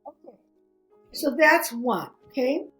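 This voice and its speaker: A middle-aged woman, a podcast guest, telling a personal story in animated casual talk. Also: high-pitched, takes it slowly, soft background music, low-quality recording. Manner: animated, chatty, acts out quoted voices.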